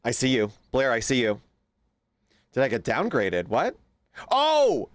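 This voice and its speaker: Lively-voiced man chatting on a livestream. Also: medium pitch, normal speed, no room sound. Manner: chatty, greets viewers by name, coos at his pet. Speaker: streamer. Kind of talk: casual livestream chat.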